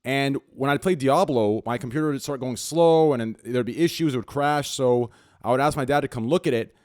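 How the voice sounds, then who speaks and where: A man's voice: medium pitch, a little fast, a little mellow. A man telling a laid-back, swearing, confessional story in casual podcast chat.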